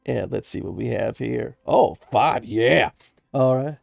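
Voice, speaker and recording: A man's voice: medium pitch, a little slow, creaky, no echo, faint music behind. A man narrating as game master of a tabletop game, chatty and laughing, with many fillers.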